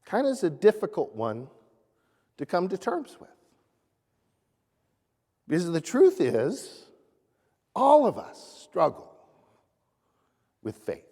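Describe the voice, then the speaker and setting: A man preaching a sermon as pastor in a church sanctuary, earnest, rising animatedly and dropping soft. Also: high voice, wildly swooping pitch, slow pace, long pauses. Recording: echoey church hall.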